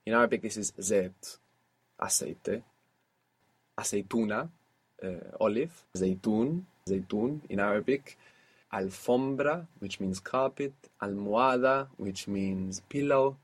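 A man with a slightly husky voice leads a spoken language lesson. He asks his student short questions and answers with brief praise, in a patient, steady manner. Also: on the low side, a little slow. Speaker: language teacher.

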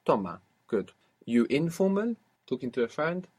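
A man's voice: mid-range voice, big pitch swings, moderate pace, darkish tone, breathy edge. A man teaching a spoken language lesson, patiently prompting his student with questions and short praise.

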